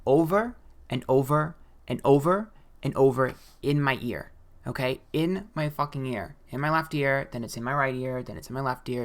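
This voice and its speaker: Bright, animated storytelling vlogger. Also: medium pitch. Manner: animated and profane, with loud emphatic bursts. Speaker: psychic and tarot reader. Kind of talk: casual storytelling vlog.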